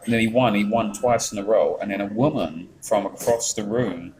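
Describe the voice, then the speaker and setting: A man's voice: on the low side, moderate pace, crowd noise, poor audio. Rambling Yorkshire man on a live stream. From England. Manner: rambling, swears freely, reads chat messages. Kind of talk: casual chat with live chat.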